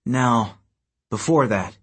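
A man voicing a terse, gruff teenage boy hero with a husky voice. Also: medium pitch, slow, fairly bright tone.

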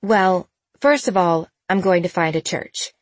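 A woman's voice: lowish voice, lively intonation, a little slow, dry recording. A woman voicing a young mother who is firm but affectionate, coaxing her daughter in an audiobook.

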